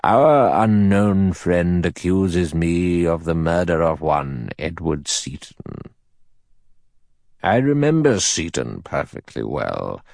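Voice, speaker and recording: A man voicing an elderly male judge in an audiobook, cold, precise and measured in delivery. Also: low-pitched, animated, vocal fry, a little mellow, dry recording, studio quality, full character voice. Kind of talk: audiobook character reading.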